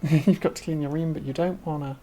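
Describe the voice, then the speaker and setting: Woman streamer, casual gameplay chatter, low pitch, mellow tone, faint game music behind. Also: steady tone, fairly quick. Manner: chatty, talks to herself while playing, laughs often. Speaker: VTuber streamer.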